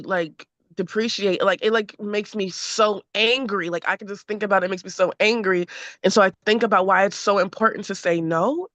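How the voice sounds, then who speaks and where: A woman speaks candidly in a group session. She is earnest and emotional, peppers her speech with fillers and slips into animated voices for quotes. Her voice sounds bright and sharp, and the recording is dull and very dry. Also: mid-range voice, dry recording. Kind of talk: candid personal sharing.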